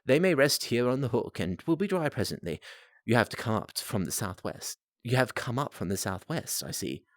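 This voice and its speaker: A man's voice: mid-range voice, sing-song, moderate pace, no room sound, clean studio sound. A man reading aloud plays an aloof, precise detective who speaks in a clipped, self-assured way. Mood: cool.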